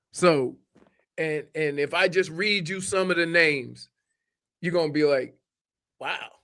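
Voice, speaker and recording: High-voiced man, New Orleans accent, sports radio co-host, lively storyteller, laughs a lot. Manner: animated storytelling, laughs often. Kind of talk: casual radio banter.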